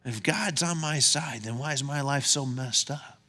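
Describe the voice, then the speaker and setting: A man's voice: mid-range voice, moderate pace, sharp tone, a little hiss or hum. A male pastor preaching a sermon in a conversational way, with humorous asides and stumbling restarts.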